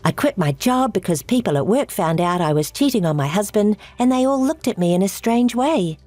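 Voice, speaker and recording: A woman plays a scheming, selfish woman who taunts and gloats, her pitch rising and falling in wide, lively swings. The voice sits dry and close, with music playing softly underneath, like a texting-story voice-over. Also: brisk, dry recording, lightly acted. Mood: self-pitying. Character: scheming selfish adult woman, husband-stealer.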